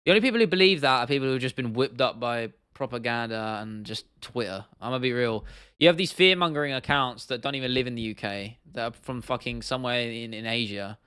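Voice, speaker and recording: A man's voice: mid-range voice, quick pace, bright, forceful tone, clear, resonant tone, dry recording, studio quality. Blunt, slangy young British man streaming. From United Kingdom. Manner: blunt, slangy, swears freely, trails off into restarts. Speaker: livestream host. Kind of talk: casual livestream Q&A chat.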